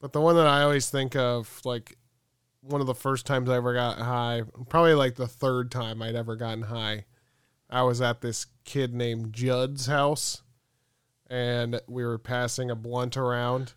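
A man's voice: medium pitch, unhurried, clear, resonant tone, dry recording, clean studio sound. A man co-hosting a comedy podcast, telling a story and acting out the dialogue, swearing freely. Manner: animated, acts out quoted dialogue, swears freely. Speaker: podcast co-host.

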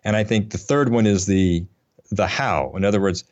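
A man's voice: fairly low pitch, moderate pace, muffled recording. A man hosting a casual podcast, rambling and self-deprecating, with lots of fillers and restarts. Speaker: podcast host. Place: Atlanta area.

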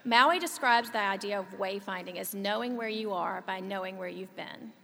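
A woman's voice: mid-range voice, normal speed, creaky, a little hiss or hum. A woman in her thirties, a mother and co-host, reading a scripted conversation in a chatty storytelling manner. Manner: chatty storytelling, lively asides. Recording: long hall reverb, faint ambience.

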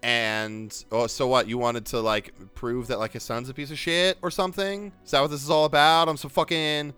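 A man's voice: medium pitch, fairly even intonation, normal speed, a bit bright, clean tone, soft background music, lightly acted. A man doing an angry, stammering teenage boy. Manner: confrontational, swearing, stammering. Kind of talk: tabletop role-play.

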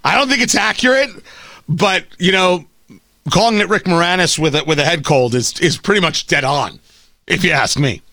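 Middle-aged male talk radio host, combative and sarcastic, fairly high and bright, very dry close sound. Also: dry recording. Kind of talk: opinionated talk radio monologue.

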